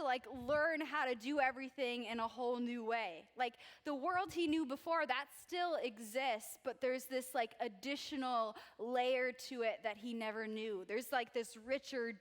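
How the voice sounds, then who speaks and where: Young female youth pastor: upbeat and chatty, playful with the crowd, slightly high voice, long hall reverb. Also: a bit bright. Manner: bubbly, chatty, jokes with the crowd. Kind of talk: casual sermon. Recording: echoey church hall reverb.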